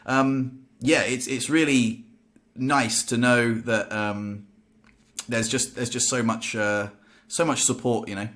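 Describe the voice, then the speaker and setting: Brief: male podcast host, medium pitch, encouraging, a bit hesitant with fillers. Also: fairly even intonation, takes it slowly, fairly bright tone. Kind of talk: casual interview chat.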